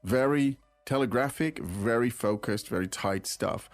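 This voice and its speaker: Relaxed man explaining words, music behind. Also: medium pitch, a little slow. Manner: relaxed, explains with fillers and restarts. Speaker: language lesson host. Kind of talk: casual teaching chat.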